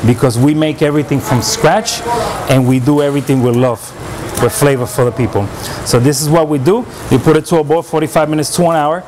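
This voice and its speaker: A man's voice: a little high, brisk, noisy background. A man who cooks at a restaurant, walking through a dish step by step in a casual way and often checking in with "right?". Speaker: restaurant cook. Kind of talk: casual kitchen demonstration. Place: restaurant kitchen.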